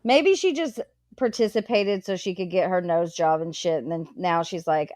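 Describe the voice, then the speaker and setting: A woman hosting a casual live chat, blunt and quick to swear and laugh. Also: on the low side, a little mellow, no echo, clean studio sound. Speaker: host.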